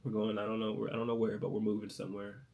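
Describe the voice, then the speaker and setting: A man hosting a motivational podcast, talking in an inspirational, sermon-like way that swings from loud, rising preaching to soft, hushed storytelling. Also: lowish voice, flat delivery, rapid-fire, gravelly.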